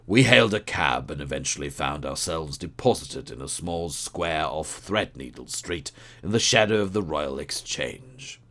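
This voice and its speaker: A man narrates an audiobook story in a measured, even way. His voice sits very low, yet his pitch moves expressively through the telling.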